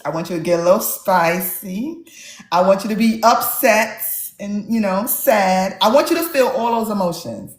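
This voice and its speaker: Animated woman author in a roomy echo. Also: medium pitch, normal speed. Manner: animated storyteller, acts out quotes. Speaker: author guest. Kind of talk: casual interview chat.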